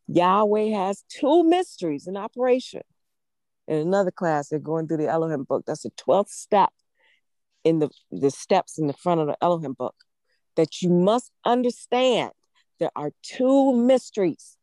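A woman's voice: lowish voice, expressive, normal speed, warm tone, no echo. A woman preaching a sermon in a fervent, emphatic way, repeating phrases for stress. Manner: fervent, emphatic, with emotional laughs.

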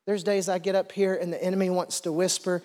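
A man's voice: sits high, little pitch movement, quick pace. Fervent preaching man in a reverberant hall. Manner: fervent, builds to shouting declarations. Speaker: pastor. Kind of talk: sermon. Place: large church hall. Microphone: stage microphone. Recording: long hall reverb, faint music.

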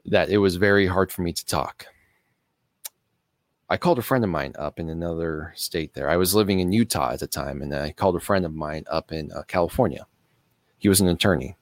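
Man, very low voice, personal storytelling, halting delivery, earnest, dry recording. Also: no echo. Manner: halting, with pauses and restarts. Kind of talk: personal story told to camera.

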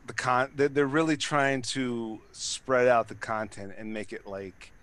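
A man in his thirties chatting loosely on a podcast, swearing freely and piling up "like" and "you know." His voice sits at an average pitch for a man. His sentences restart and wander. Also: fairly even intonation, a little slow, fairly bright tone. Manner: rambling, profane, filler-heavy. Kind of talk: casual chat.

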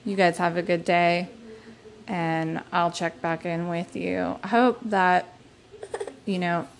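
Speaking at medium pitch, a young solo podcast host chats casually about her day as a stay-at-home mom, rambling and laughing through her stories.

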